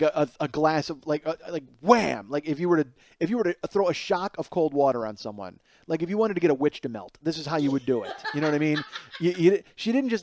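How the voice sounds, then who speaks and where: A man in his forties telling a comic story alone as a podcast host, animated and self-mocking, with plenty of swearing, going from loud outbursts to low mutters. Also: no echo. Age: 40s. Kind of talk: solo comedic storytelling.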